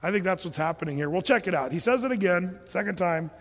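A man's voice: sits high, expressive, quick pace. A man preaching a sermon, joking and acting out the voices he quotes. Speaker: pastor. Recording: long hall reverb.

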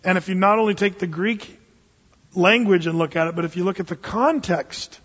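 A man preaches as a pastor in a casual, folksy way, mixing plain talk with dramatic readings of scripture. His voice sits high for a man and sounds husky. The recording is dull and lo-fi, with a long reverb from the hall. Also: moderate pace, fairly bright tone. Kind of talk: expository sermon.

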